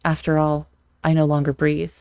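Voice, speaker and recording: A let's play streamer reading a visual novel aloud in an even, flat delivery, with short asides of their own. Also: mid-range voice, moderate pace, smooth, no room sound.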